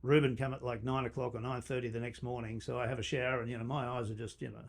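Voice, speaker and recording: Speaking fast in a creaky, medium-pitched voice, a middle-aged man who founded a company spins a lengthy personal tale for a podcast. He laughs a lot and performs the lines of the other characters.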